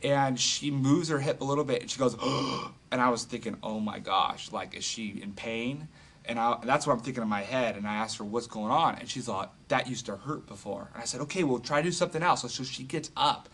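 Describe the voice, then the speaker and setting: Man, evangelist testimony, casual storytelling, animated, lots of you know. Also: mid-range voice, brisk. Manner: animated, filler-heavy retelling with acted quotes. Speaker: street evangelist telling a testimony.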